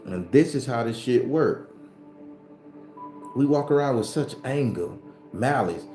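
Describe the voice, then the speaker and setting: A man's voice: mid-range voice, mellow, echoey room. A man hosting a spiritual livestream, talking bluntly and profanely to his viewers in a casual, preachy way.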